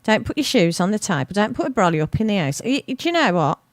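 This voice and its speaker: A woman's voice: medium pitch, very animated, quick pace, dry recording. A woman, presenting a local radio show in a rambling, chatty way, interrupting herself with asides. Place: radio studio. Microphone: studio microphone.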